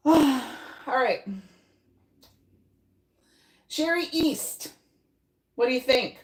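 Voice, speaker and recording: A woman's voice: high voice, extremely slow, roomy sound. A woman hosting a live paint-along. She chats with her viewers, thinks aloud and laughs often while she works. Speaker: painting host.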